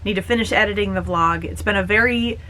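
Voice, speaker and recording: A woman's voice: medium pitch, fast, bright, forceful tone, a little hiss or hum, low-quality recording. A young woman with a Minnesotan accent, chatting casually and gushing in a home vlog, with plenty of fillers. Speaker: vlogger.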